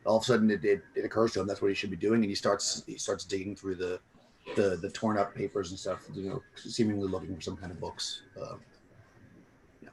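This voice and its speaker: Casting: low, gravelly man running a tabletop game, rambling narration. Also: little pitch movement, a little fast, slight background noise. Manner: rambling, many restarts. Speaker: game master.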